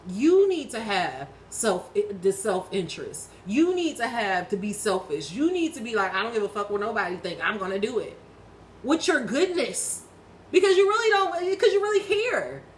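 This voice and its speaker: A woman's voice: mid-range voice, very animated, normal speed, a little hiss or hum, poor audio. A woman in her thirties reading tarot and giving viewers an emphatic, preachy spiritual pep talk, swearing freely and speaking bluntly to the listener. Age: 30s. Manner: preachy, talks straight to the listener. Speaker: tarot reader.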